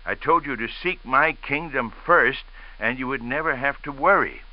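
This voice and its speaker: A man reading aloud as a gentle, loving Jesus figure who asks tender, patient questions. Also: medium pitch, moderate pace, lo-fi sound, natural voice.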